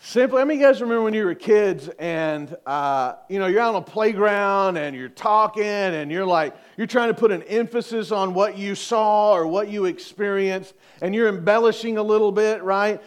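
A middle-aged man preaching to his congregation in a light, high voice. He keeps it conversational, cracks jokes and keeps asking the room questions. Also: normal speed, hardly any pauses. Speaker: pastor. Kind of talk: sermon.

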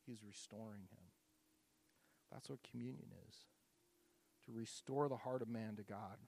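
Man preaching with loud swells and hushed lows. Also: fairly even intonation, normal speed, gravelly. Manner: storytelling with swings from loud emphatic peaks to hushed softness; casual, repeats words and uses fillers. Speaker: pastor leading communion. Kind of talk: sermon.

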